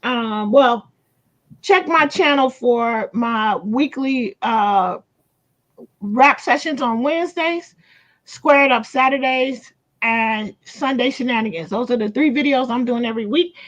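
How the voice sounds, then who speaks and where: A woman's voice: a little high, a little slow, a bit bright, rough recording. A woman co-hosting a craft livestream, chatting casually with plenty of fillers. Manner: rambling with many fillers. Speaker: co-host of a crochet and craft livestream. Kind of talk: casual chat.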